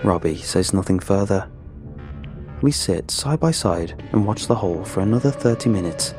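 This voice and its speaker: Low-voiced man narrating a horror story. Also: lively intonation, moderate pace. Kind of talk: first-person scripted horror narration. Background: background music.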